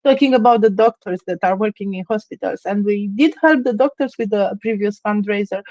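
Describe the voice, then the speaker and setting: A woman's voice: medium pitch, darkish tone, no echo, lo-fi sound. Earnest woman, dry sound. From Romania. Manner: earnest, emotional, storytelling with many pauses. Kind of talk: casual chat.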